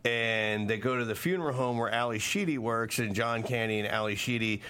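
A man's voice: medium pitch, fairly quick, pushed and bright, smooth. A man co-hosting a casual podcast, talking at length with frequent restarts and fillers. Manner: rambling, many restarts and fillers. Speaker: podcast co-host. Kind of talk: casual chat.

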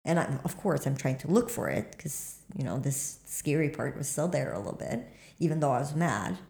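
A woman telling a story in casual talk. She acts out her own lines with sudden jumps up into squeaky highs. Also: fairly quick, gravelly. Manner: animated, acts out quotes with sudden high squeaks. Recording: echoey room.

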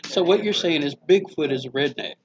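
A man's voice: on the high side, a little fast, crowd noise. A man co-hosting a podcast in casual chat, tossing in questions and offhand remarks. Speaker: podcast co-host. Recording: dull lo-fi sound.

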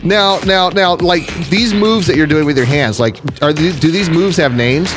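A man hosting an interview show, asking questions in a quick, excitable way. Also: a little high, music in the background. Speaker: host. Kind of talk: interview chat.

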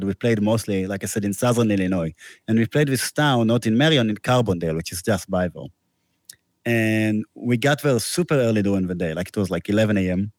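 A man's voice: on the low side, no room sound, studio quality. Man telling a rambling band story. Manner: rambling anecdotes with restarts and laughs. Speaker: musician guest. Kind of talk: casual storytelling interview.

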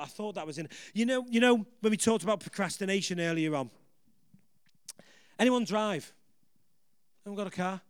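A man preaching a sermon, energetic and rousing, building up to shouts and laughing at himself along the way. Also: high-pitched, no room sound, clean studio sound. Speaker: pastor.

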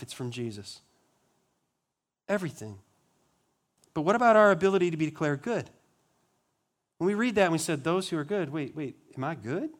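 Male pastor, slightly high voice, sermon delivery with rhetorical questions and hushed solemn drops. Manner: rhetorical questions, rising emphasis on key words; drops to a low, quiet voice on solemn lines.

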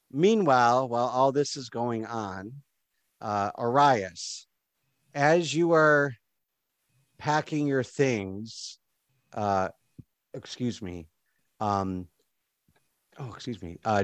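A man's voice: medium pitch, slow pace, long pauses, no echo. Male game master, loose rambling narration, dry sound. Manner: casual, rambling narration with fillers.

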